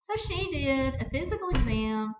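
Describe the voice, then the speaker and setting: A middle-aged woman hosting a vlog, telling a personal story in an animated way and acting out both sides of an argument. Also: high voice, normal speed, background noise. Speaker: vlog host. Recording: echoey, dull-sounding room recording.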